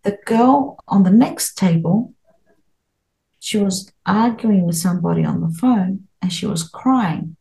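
A woman's voice: medium pitch, lively intonation, unhurried, gravelly, mellow, low-quality recording. A middle-aged woman as an interview guest, talking earnestly and at length, with many restarts and fillers. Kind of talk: interview, spiritual experiences.

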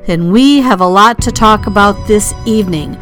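A woman hosting and producing a podcast, introducing her guest with bright, upbeat welcomes and drawn-out name announcements. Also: mid-range voice, faint music behind.

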